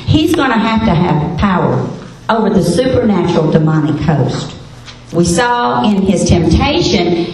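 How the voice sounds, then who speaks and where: A woman teaching a women's Bible study, expressive, asking rhetorical questions and reading scripture aloud. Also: mid-range voice. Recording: very echoey room, faint hiss.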